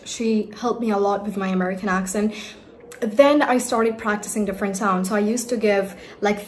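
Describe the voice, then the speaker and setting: Lively young woman telling her story. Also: medium pitch, a little hiss or hum. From India. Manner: emphatic, lively, direct advice to viewers. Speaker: accent coach. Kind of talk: personal storytelling vlog.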